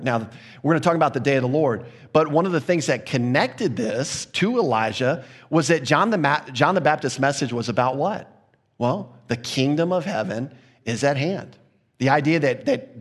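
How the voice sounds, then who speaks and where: A male pastor teaching scripture in a relaxed, chatty way, with a mid-range voice. He often slips into quick acted-out voices for the people in the passage. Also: medium pitch. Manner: conversational, acts out quoted voices with restarts. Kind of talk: sermon, verse-by-verse Bible teaching.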